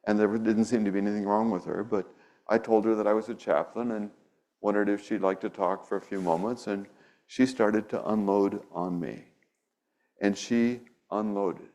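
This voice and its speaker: A man's voice: on the low side, darkish tone, low-quality recording. A man, a pastor, preaching a sermon in a church and telling stories in an easy, conversational way. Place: church sanctuary.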